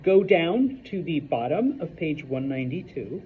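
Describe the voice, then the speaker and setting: A man teaching a Spanish class in a classroom, unhurried and checking in often with the students. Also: on the high side, very animated, distant mic, slight background noise. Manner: unhurried, many fillers and check-ins. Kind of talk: classroom lecture. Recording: roomy lo-fi classroom recording from afar.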